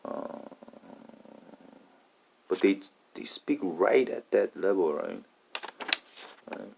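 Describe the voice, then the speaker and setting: A man in a casual monologue, talking haltingly and often restarting and repeating his words. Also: deep voice, expressive, creaky, noisy background.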